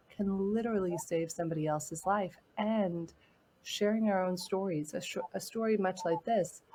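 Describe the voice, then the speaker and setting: A woman speaking in a fairly low voice, earnest and gently encouraging as she tells a personal story in an interview. A faint hiss of noise sits under the recording. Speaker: guest. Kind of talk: heartfelt interview talk.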